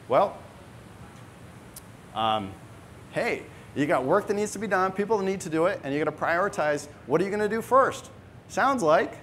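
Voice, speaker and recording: Man doing a conference talk, kinda high voice, keeps saying right?, bit of hum behind. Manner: emphatic, punctuates points with "right?". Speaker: conference speaker. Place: conference hall.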